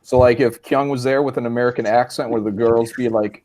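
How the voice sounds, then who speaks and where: A man's voice: mid-range voice, fairly even intonation, fairly quick, darkish tone. A man co-hosting a live art show, asking playful, prodding questions. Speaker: co-host. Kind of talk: casual chat.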